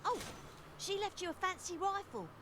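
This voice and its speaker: A woman's voice: very high-pitched, lively intonation, moderate pace, noisy background. An actress playing a cheeky, homely female mechanic with a slangy, chatty way of talking, in video game dialogue. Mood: breezy.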